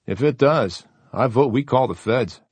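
A man reading an audiobook, voicing an easygoing, cautious man who talks quickly and casually. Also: mid-range voice, animated, darkish tone, slightly rough, no room sound, voice pushed up.

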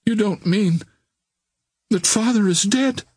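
A man reading an audiobook voices an emotional young heiress in a high, raised voice. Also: animated, normal speed, breathy edge. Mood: earnest. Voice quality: raised falsetto-like voice. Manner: earnest and emotional. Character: young woman, a wealthy heiress, tender. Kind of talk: audiobook character voice.

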